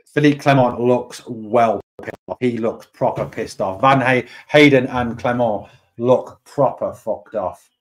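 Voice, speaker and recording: A man's voice: medium pitch, a little slow. A man hosting a live fan stream, reacting to a match result. He sounds angry and deflated, repeats himself and swears a lot. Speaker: fan channel host.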